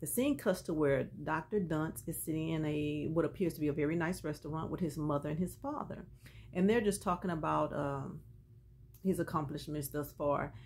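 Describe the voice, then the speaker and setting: A chatty woman tells a TV episode's story in a lively, casual way, dropping in colloquial asides. Her voice sits a little low. A faint background noise hangs under it. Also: normal speed. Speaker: TV episode recapper.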